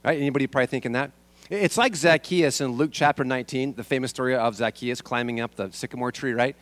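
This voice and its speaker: A man's voice: mid-range voice, quick pace, a bit bright, no echo. A man preaching a sermon as a pastor, asking the congregation rhetorical questions and repeating his key lines.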